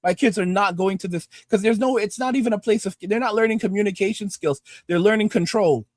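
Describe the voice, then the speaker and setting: Speaking fairly quickly in a high voice, this livestream host goes through viewer comments with no room sound around him. He lectures his audience in a furious, foul-mouthed rant, circling back to the same lines.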